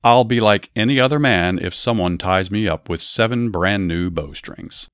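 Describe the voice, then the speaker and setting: Guy doing a strong quiet hero, low voice, slow, dry sound. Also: no room sound, lightly acted. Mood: confiding. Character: strong, secretive man of great strength.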